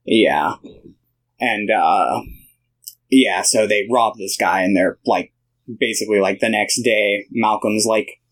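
Young male podcast co-host, lower voice, loose chatty recap full of filler words. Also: slow pace, poor audio. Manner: relaxed retelling with many fillers. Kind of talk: casual film discussion.

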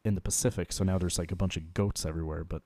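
Young man, low voice, dry close sound, rambling, swears a lot, casual chat. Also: steady tone, very fast, dark tone, dry recording. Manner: rambling, swears freely, jokey. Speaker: podcast co-host.

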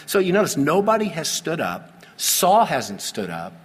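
A man preaching a sermon, pastor at the pulpit, animated with sudden loud emphasis. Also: on the high side, unhurried, husky, in a large hall.

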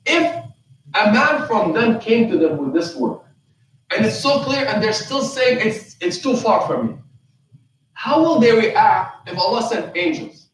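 A man with a high voice delivers a Qur'an lecture as an imam in a prayer hall. He keeps asking the listeners rhetorical questions and slips into the voices of the people he quotes. The mic sits far from him, and the room is heavily echoey. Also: lively intonation, measured pace, slight background noise.

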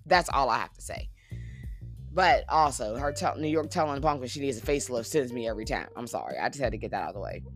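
Woman, sassy casual recap, low voice, animated delivery. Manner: chatty, sassy, laughs often. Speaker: reality TV recap host.

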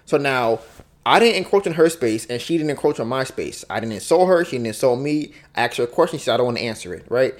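A man hosting a podcast by himself talks fast in a mid-range voice with lively intonation. He thinks aloud in a casual, reflective way, often repeating himself and playing out both sides of an argument.

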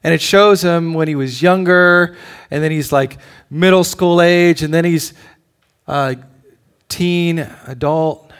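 A man, a father with children, preaching a sermon, telling a personal story with animated ups and downs and dropping to a near whisper at tender moments. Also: on the high side, takes it slowly, clean tone. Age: adult with children. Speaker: pastor.

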